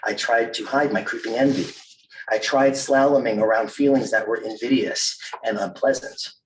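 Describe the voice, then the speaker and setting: A man reading his own memoir aloud at a live literary event, measured and wry, with self-amused asides. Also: mid-range voice, steady tone, slight background noise. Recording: roomy, distant mic at a live reading.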